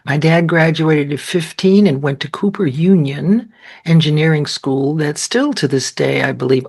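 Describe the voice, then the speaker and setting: A woman's voice: deep voice, creaky, husky. An older woman, born in New York and raised in Boston, chatting as an interview guest and telling family stories with the odd whispered aside. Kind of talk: casual conversational storytelling.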